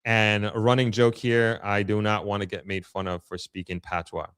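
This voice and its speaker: A man with a Long Island accent hosts a casual live stream, chatting and answering viewers. His voice sits on the low side, and the close microphone sounds dry, with no room echo. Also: level tone, moderate pace, fairly bright tone, clean tone. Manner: chatty, upbeat, reads viewer comments aloud. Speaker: livestream host reading chat.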